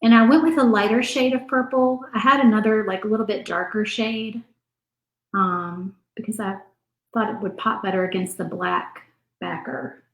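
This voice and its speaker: Lady chatting away while painting, reading comments out loud, kinda echoey room. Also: mid-range voice, fairly even intonation, moderate pace. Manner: chatty, reads viewer comments aloud. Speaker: craft livestream host. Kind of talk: casual chat while painting. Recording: roomy echo.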